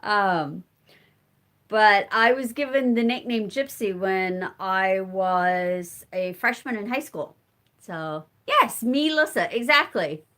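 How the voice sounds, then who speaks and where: A middle-aged woman from the United States runs a homestead vlog live chat, casually answering comments while spinning fiber at home. She has a mid-range, fairly bright voice and takes her time speaking.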